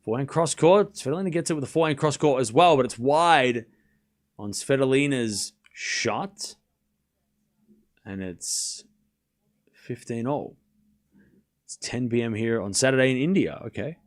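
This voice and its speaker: A man streaming a live tennis watchalong, calling each rally in quick play-by-play and chatting with viewers between points. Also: medium pitch. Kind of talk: live watchalong commentary and chat reading.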